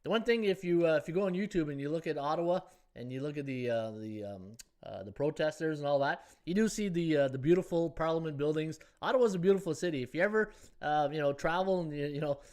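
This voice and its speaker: A man's voice: fairly high pitch, quick pace, darkish tone. A middle-aged man hosting a sports betting live stream, chatting casually and rambling through viewer comments. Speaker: sports betting podcast host.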